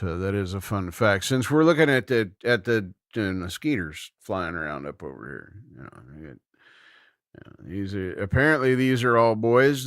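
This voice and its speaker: A man's voice: fairly low pitch, a bit bright, no room sound. A middle-aged man hosting a casual livestream from a room at home, rambling easily and thinking aloud. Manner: rambling, easygoing, thinks aloud with many restarts. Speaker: livestream host.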